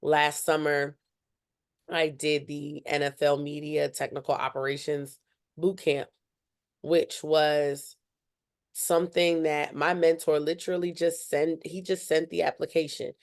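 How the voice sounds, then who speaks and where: A young woman, a student journalist, telling her story as a podcast guest in an animated way and acting out what others said. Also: low-pitched, a little slow. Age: young adult. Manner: animated, acts out other people's lines. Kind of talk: casual interview storytelling.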